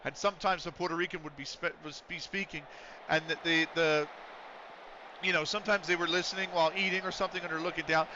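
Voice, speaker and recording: A man's voice: on the high side, steady tone, fast talker, muffled recording, background noise. A man chatting casually and at length while streaming a game, rambling with a loose, swearing manner. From United States.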